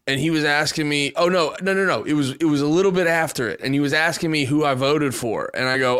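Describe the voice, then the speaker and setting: Male podcast host, high voice, loose profane storyteller, quick to laugh. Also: fairly bright tone, smooth. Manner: swears a lot, laughs often, tells stories. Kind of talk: casual political chat.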